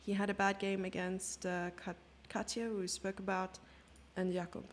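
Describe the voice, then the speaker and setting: A woman's voice: medium pitch, level tone, moderate pace, a little hiss or hum. A woman streamer giving chatty live chess commentary, thinking aloud and sometimes dropping into a whisper.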